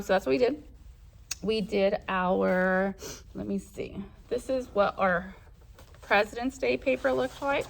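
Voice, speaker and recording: A woman's voice: mid-range voice, creaky, a bit bright. A young adult woman, a first grade teacher from Southern California, talking casually through her school day in a vlog, rambling as she lists her plans. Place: classroom.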